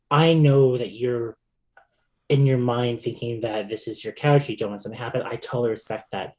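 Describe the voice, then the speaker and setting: A man's voice: mid-range voice, warm tone. A man talking as a podcast guest in casual chat, stopping and restarting often and laughing between stories.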